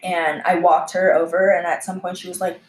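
A woman's voice: level tone, brisk. Heated, profane young woman in an echoey room. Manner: heated, profane, lots of fillers, swings of pitch. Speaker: restaurant server telling a story. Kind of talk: casual storytime monologue.

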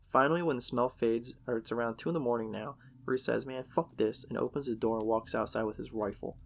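A man's voice: mid-range voice, fast, gravelly. A man casually narrating a horror story in a profane, conversational way.

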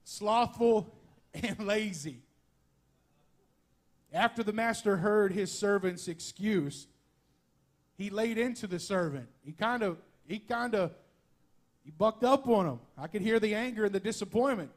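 A man preaching a folksy, animated sermon in church, with asides and humor. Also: high voice, unhurried, long pauses. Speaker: pastor. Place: church sanctuary.

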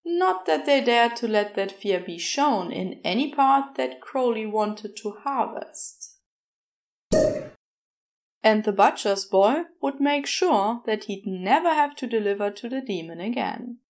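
A woman reading a fan story aloud as podfic, in a measured, gentle way. Her voice sits a little high, and she takes her time, with an unhurried, slow pace. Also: lively intonation. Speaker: podfic reader. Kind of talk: story narration.

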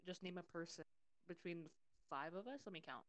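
A woman's voice: lowish voice, brisk, fairly bright tone. A woman co-hosting a casual podcast among friends, asking questions and repeating herself. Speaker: podcast co-host.

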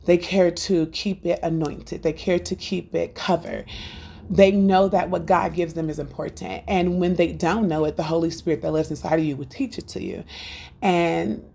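A middle-aged woman hosting a faith podcast, telling family stories in a lively, unscripted way and acting out the voices of her family. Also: fairly low pitch, moderate pace, vocal fry, slightly rough. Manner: animated storytelling, acts out family dialogue; laughs between thoughts. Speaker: podcast host.

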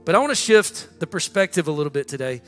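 High, bright-voiced man preaching a sermon. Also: very animated, quick pace. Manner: dynamic preaching, swinging from loud to hushed. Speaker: pastor. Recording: long reverb with faint music.

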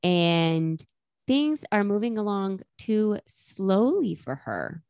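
A woman's voice: mid-range voice, sing-song, takes it slowly, darkish tone, clear, resonant tone, no room sound, studio quality. A woman co-hosting a casual chat, recapping a sitcom episode and quoting the characters in little voices. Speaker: podcast co-host.

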